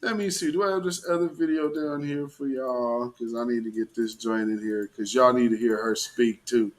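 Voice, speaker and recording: A man's voice: medium pitch, fairly even intonation, normal speed. A man hosting a live commentary show, talking casually with slang, exclamations and mocking asides to his audience.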